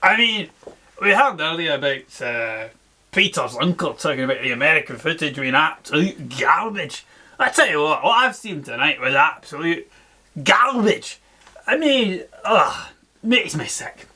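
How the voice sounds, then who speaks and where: Brief: man doing a disgusted pundit, scornful and blunt, bright high-ish voice. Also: big pitch swings, measured pace, exaggerated voice. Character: grumpy disgusted male Scottish football pundit. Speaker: pundit in a comedy sketch.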